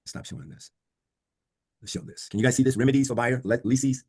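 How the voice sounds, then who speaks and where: A man lectures a law class over a video call, talking quickly in a somewhat husky voice. He quizzes his students and repeats the key points again and again. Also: medium pitch, fairly even intonation, darkish tone. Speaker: law instructor.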